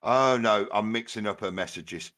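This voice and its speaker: A man's voice: fairly low pitch, normal speed, fairly bright tone. A man giving upbeat, bantering commentary on a game stream.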